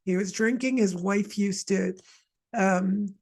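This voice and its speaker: Woman from Montreal, mid-pitched, guiding an energy and breathing session in a loose, rambling way. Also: slow, darkish tone, slightly rough. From Montreal, Canada. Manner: chatty, rambling, with many asides and restarts. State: mild asthma. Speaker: energy healer leading a session. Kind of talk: guided wellness session.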